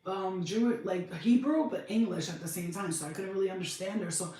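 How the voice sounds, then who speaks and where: A woman, telling her life story on a podcast, blunt and animated, acting out other people's voices. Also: medium pitch, fairly quick, recorded from a distance. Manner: blunt, animated, swears freely, acts out voices. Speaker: podcast host. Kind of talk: casual storytelling monologue. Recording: echoey room, voice off-mic.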